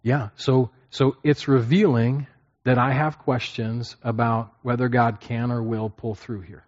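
A man of middle pitch leads a Bible lesson like a sermon. He repeats key points and asks his listeners questions. The recording is dull and lo-fi. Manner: repeats phrases, checks in with listeners. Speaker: pastor teaching a class. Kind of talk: sermon-style Bible teaching.

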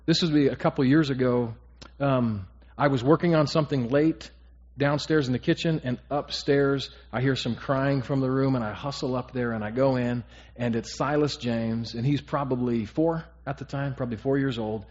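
A man's voice: medium pitch, normal speed, a little mellow, lo-fi sound. A man pastor leading a Bible study in an earnest, sermon-like way, repeating key phrases and checking in with his group. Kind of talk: sermon-style Bible teaching to a small group.

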